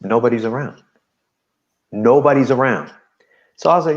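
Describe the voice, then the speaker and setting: A man's voice: medium pitch, moderate pace, dull audio. A man from New Jersey, a guest giving an emphatic personal testimony in an interview. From New Jersey, USA. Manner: animated, emphatic storytelling.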